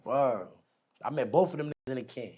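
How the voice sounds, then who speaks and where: A man telling a long personal story in casual, slangy street talk, animated as he retells it. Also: mid-range voice, brisk, slightly rough, lo-fi sound. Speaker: podcast guest.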